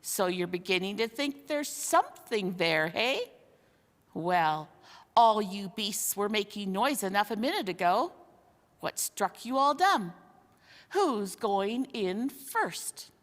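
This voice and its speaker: A woman's voice: medium pitch, very animated, slow pace. A woman voicing a scheming, jeering old male ape in a storybook reading, with a mocking, bossy manner. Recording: long hall reverb.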